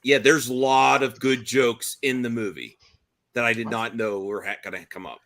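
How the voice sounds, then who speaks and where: A man's voice: mid-range voice, steady tone, normal speed, a bit bright. A man hosting a casual livestream chat with friends, rambling, restarting often and laughing a lot. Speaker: stream host.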